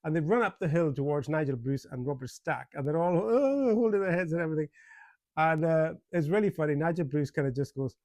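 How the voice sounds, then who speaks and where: A man's voice: on the high side, fast talker, a little mellow, dry recording. Chatty, amused man reviewing a film. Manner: chatty and amused, with many fillers and restarts and frequent chuckles. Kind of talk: casual spoken movie review.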